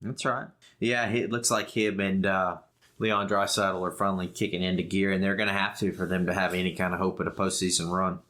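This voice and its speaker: A man's voice: sits low, level tone, fairly quick, pushed and bright. A man co-hosting a sports podcast, talking through hockey in a casual, joking, analytical way. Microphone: headphones and podcast mic.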